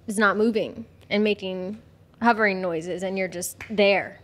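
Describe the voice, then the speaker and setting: A woman in casual podcast chat, giggly and animated. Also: mid-range voice, unhurried.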